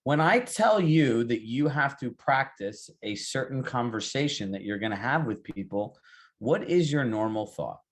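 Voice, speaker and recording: Animated man coaching a group. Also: mid-range voice, normal speed. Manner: emphatic, fires rhetorical questions at the group; calls on participants by name. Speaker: real estate coach. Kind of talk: live group coaching session.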